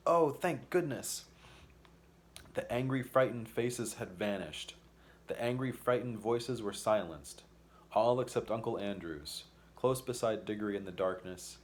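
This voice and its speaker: A man with a fairly low voice reading a children's fantasy story aloud. His narration is expressive and measured, with a steady storytelling rhythm. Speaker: audiobook reader. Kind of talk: audiobook narration.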